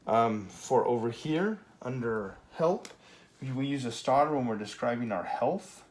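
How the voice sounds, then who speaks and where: A man teaching a Spanish grammar lesson at a whiteboard, relaxed and full of fillers, checking in with "okay" often. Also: medium pitch, measured pace. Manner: relaxed, many fillers and okays.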